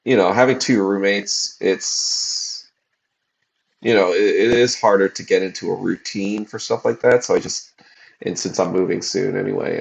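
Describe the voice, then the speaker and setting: A podcast host in his forties rambles casually on a livestream, cursing often and leaning heavily on fillers, worn out from fasting. His voice is low and creaky, with a steady tone.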